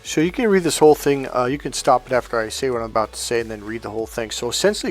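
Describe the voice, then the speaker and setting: A man's voice: medium pitch, very fast, hardly any pauses, soft background music. A man coaching on dating, telling a story in a casual monologue, swearing bluntly and acting out what people said. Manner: blunt and profane, swearing often; animated, acting out quotes from a story.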